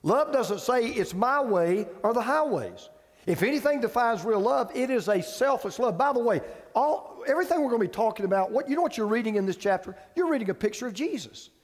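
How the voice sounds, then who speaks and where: Male pastor, high-pitched, conversational and emphatic preacher who keeps questioning his listeners. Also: expressive, fast, darkish tone, in a large hall. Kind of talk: sermon. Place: church sanctuary with audience.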